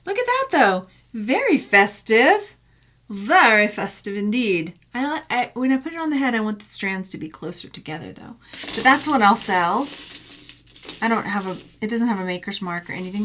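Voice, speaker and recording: A woman's voice: medium pitch, very animated, normal speed, fairly bright tone, slight background noise. Playful woman unboxing thrift jewelry. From Texas. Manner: playful, jokey asides and sound effects. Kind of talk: casual unboxing vlog.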